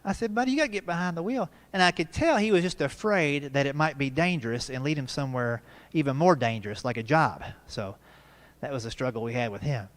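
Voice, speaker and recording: A man's voice: medium pitch, a little fast. A man in his fifties performing a stand-up comedy set, telling folksy family stories with punchy asides at a live show in a church hall. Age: 50s.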